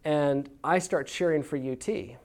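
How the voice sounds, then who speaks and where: A man's voice: fairly high pitch, a little slow, a little mellow. A man from Texas teaching a church parenting class in an earnest, folksy way, with many restarts as he tells stories. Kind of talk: conversational teaching talk with stories.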